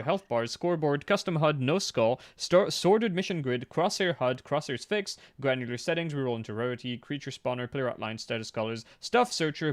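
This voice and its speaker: A man streaming a game, joking and swearing in casual banter with friends. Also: medium pitch. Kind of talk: casual gaming chat.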